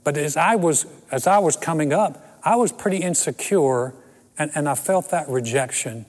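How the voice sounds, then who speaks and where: A man's voice: on the high side, moderate pace, a little mellow, long reverb tail. A man in his sixties preaching a sermon and telling personal stories with self-deprecating humor. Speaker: pastor.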